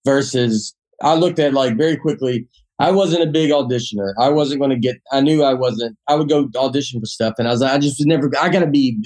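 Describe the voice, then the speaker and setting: A man's voice: medium pitch, brisk, a little mellow. A man in his forties with a Southern accent, a comedian talking casually on a podcast, rambling with many restarts. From Tennessee. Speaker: comedian guest.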